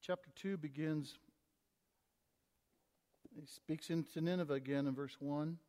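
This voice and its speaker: A man preaching a sermon, swinging between loud emphatic reading and quiet, low asides to his congregation. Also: fairly even intonation, measured pace. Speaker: pastor. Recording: long hall reverb.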